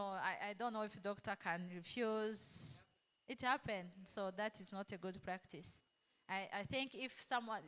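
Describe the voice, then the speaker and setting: A woman doctor answering questions in a halting manner, often searching for words. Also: medium pitch, fairly bright tone. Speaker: doctor presenting.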